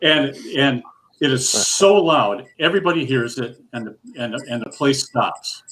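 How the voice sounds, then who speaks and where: A man's voice: mid-range voice, lively intonation, moderate pace, fairly bright tone. An older man telling a long, rambling bowling story in casual chat, full of restarts and his own laughter. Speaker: guest storyteller.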